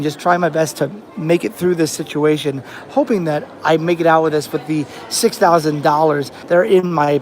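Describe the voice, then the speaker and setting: A young man from the States talks to his camera outdoors, rambling through a travel story and restarting his sentences often. His voice sits a bit high for a man, and faint outdoor ambience hums behind him. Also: slight background noise. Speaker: travel vlogger. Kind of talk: casual vlog storytelling. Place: outdoors on a rainy beach.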